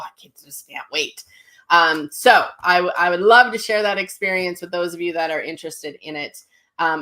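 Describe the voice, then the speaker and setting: Acting out what people said, a middle-aged woman with a low voice shares a personal story with viewers in a casual, animated way. She's a psychic medium hosting her own channel.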